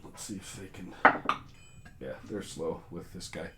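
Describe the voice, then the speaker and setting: A man narrating as game master in a relaxed, rambling way with many filler sounds. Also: low-pitched, measured pace, very noisy.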